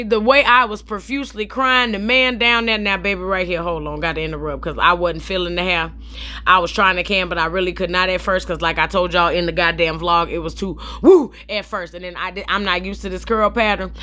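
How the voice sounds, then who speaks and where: A young adult woman telling a story in a vlog, in an animated, profane and sassy way, talking straight to her viewers. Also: mid-range voice. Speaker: comedian telling a story while styling her hair.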